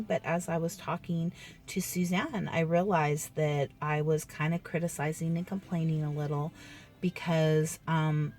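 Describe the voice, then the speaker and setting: A woman chatting candidly in a casual faith vlog from a parked car, rambling with many pauses and fillers. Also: low voice, a little mellow. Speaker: vlogger.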